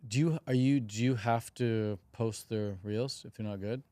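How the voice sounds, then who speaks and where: A man's voice: lowish voice, steady tone, normal speed, mellow, no echo. A young man hosting a casual podcast chat, curious and breezy, full of slang and acted-out example lines. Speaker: podcast host.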